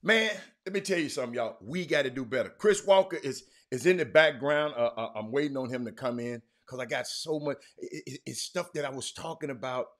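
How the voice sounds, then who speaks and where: A man hosting a casual livestream sports talk show, rambling and animated, with frequent restarts and fillers. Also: medium pitch, brisk, few pauses.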